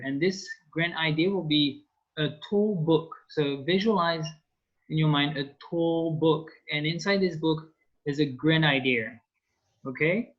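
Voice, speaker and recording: This man's voice is fairly high and fairly bright. Teaching French in an online class over a video call, he prompts students step by step with patience, French being his first language. The call audio is dull and lo-fi.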